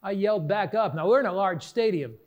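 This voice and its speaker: A middle-aged man preaches in a fairly high, clear register. He tells his stories earnestly and slows right down on the key words. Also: expressive, a little mellow. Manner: earnest storytelling, slows for emphasis. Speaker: pastor. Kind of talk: sermon.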